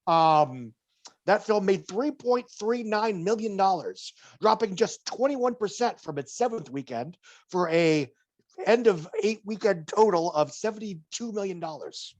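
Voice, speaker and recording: A man's voice: high voice, lively intonation, a little slow. Wry, digressive man reading box office numbers. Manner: wry, digressive, lists figures with dry jokes. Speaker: podcast co-host, box office analyst. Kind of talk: casual podcast chat.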